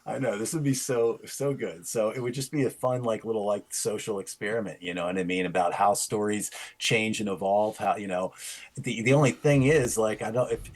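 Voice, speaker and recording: A man's voice: on the low side, brisk. A man co-hosting a casual podcast, telling a rambling anecdote and acting out the quoted lines. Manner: rambling storyteller who acts out quoted lines. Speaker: podcast co-host.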